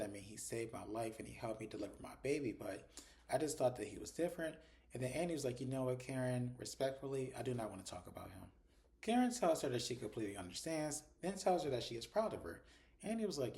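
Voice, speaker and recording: A man casually recapping a TV episode, retelling the scenes and briefly mimicking the characters' lines in a higher voice. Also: mellow. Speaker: TV show reviewer.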